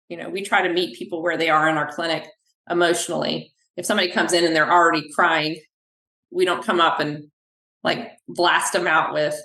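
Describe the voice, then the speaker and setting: Woman pt chatting on a podcast, lowish voice, tells stories, acts out the lines, kinda echoey room. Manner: animated, acts out quoted dialogue. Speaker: physical therapist, clinic owner. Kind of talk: podcast interview, conversational storytelling.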